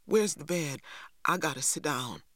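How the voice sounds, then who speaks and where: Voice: medium pitch, animated, a little slow, pushed and bright, no echo. A reader voicing a frightened, injured teenage boy, pleading and stammering in a dry recording. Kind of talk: audiobook reading.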